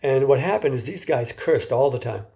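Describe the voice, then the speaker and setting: A man's voice: medium pitch, lively intonation, normal speed, vocal fry, mellow. A man giving an informal lecture in a conversational way, often restarting and repeating words and asking his listeners questions.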